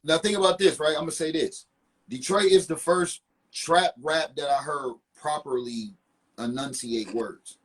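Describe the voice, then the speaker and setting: Husky-voiced man, emphatic and animated. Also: fairly high pitch, unhurried. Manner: animated, emphatic, repeats himself. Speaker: podcast guest. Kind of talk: casual hip-hop talk.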